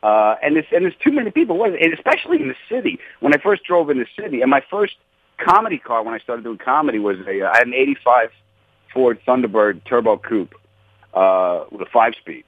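A man tells comedy-club stories as an interview guest, jumping his voice up whenever he acts out what someone said. He comes through a tinny phone line with a husky, dry sound. His pitch sits in a middle range. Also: fairly quick, no echo. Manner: animated, acts out quotes with big pitch jumps. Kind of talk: storytelling in a radio interview.

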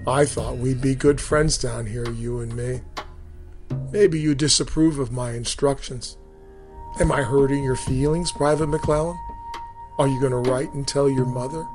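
A man's voice: fairly even intonation, unhurried, music in the background, lightly acted. A man doing a menacing drill sergeant's hiss. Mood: taunting whisper. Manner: low hissing whispers turning to barked threats. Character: menacing male Marine drill sergeant, taunting.

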